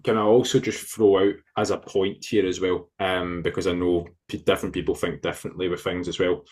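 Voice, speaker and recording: A man's voice: sits low, little pitch movement, fairly quick, a little mellow, slight background noise. A man co-hosting a fitness podcast in casual chat, explaining things with loose restarts and the odd swear word, recorded over a remote call. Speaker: podcast co-host, fitness coach.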